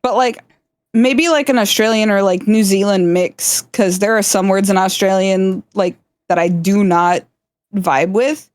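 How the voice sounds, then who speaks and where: A woman's voice: medium pitch, fairly even intonation, measured pace, no echo. A woman from South Florida chats loosely on a live stream, cursing and laughing as she goes. Her voice sits mid-range for a woman. The recording is close and dry, with no room sound. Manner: swears freely, laughs often, chatty. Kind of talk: casual chat.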